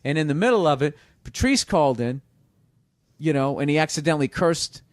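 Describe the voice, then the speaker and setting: A man's voice: fairly high pitch, brisk, no room sound, clean studio sound. A man telling stories casually on a podcast, swearing freely and acting out what other people said. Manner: profane, animated, acts out other people's lines. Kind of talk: casual storytelling.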